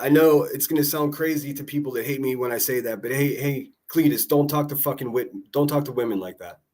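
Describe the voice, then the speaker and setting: A man hosts a casual livestream in a mid-range voice and everyday pitch. He talks fast and loose, swears freely and lays into people with mocking insults. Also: a little mellow. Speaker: livestream host.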